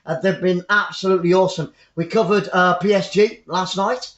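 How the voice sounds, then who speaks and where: A man's voice: high-pitched, steady tone, brisk, a bit bright. An English man giving chatty live football commentary for an online stream, repeating his phrases and rambling into asides. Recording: roomy, dull lo-fi sound.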